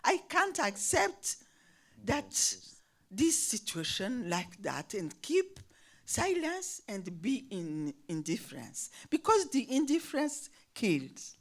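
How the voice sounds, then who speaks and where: Older woman, guest speaker; slow, lively-pitched, halting delivery with restarts. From Burundi. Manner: halting, restarts words, nonstandard phrasing. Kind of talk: personal testimony.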